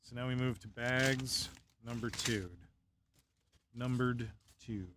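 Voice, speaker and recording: A man's voice: medium pitch, steady tone, takes it slowly, noisy background. A young man on a casual live stream, chatting in a laid-back way, chuckling often and muttering to himself as he builds a model.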